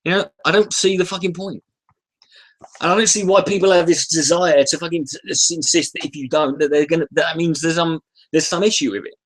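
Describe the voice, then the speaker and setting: On a casual, profane livestream, a YouTuber with a brisk, steady voice on the high side rants at his chat. Irritable and sweary, he sighs and keeps restarting sentences he's broken off.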